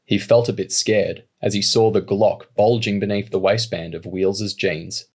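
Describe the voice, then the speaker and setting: A man narrating an audiobook in a steady, measured reading voice. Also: on the low side. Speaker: audiobook reader. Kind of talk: storybook narration.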